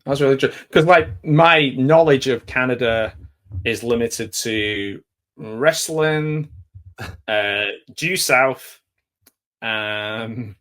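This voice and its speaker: A man's voice: mid-range voice, a bit bright. A man hosting a casual interview, chatty and easily amused. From England. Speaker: host.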